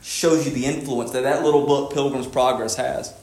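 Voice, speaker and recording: A man as pastor, preaching a sermon, moving between low measured passages and emphatic raised lines. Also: steady tone, darkish tone, echoey room.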